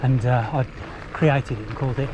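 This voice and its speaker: An English mountain biker vlogger chats and swears freely while riding country trails, filmed on a bike camera. His medium-pitched voice has fairly even intonation at a moderate pace, and the lo-fi outdoor camera mic picks up noticeable wind and traffic.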